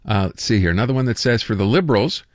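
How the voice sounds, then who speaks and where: A man's voice: lowish voice, animated, quick pace, dry recording. A man hosting a call-in radio show, chatting casually and reading listener texts aloud with amusement. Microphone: studio microphone.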